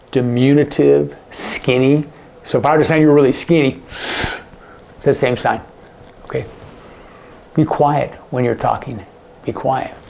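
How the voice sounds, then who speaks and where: A man teaching sign language to camera, explaining each sign and often dropping to a hush on the example words. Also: mid-range voice, vocal fry.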